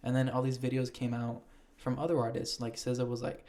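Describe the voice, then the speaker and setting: A man's voice: medium pitch, monotone, darkish tone. A young man hosting a casual podcast, reading award nominations aloud and swearing freely in loose chat. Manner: casual, swears freely, reads names slowly. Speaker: podcast host.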